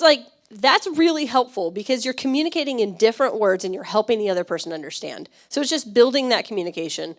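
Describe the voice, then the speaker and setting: Woman pastor preaching casual-style, chatty, laughs a lot, keeps asking "right?". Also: a little high. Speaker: church pastor. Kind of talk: conversational sermon.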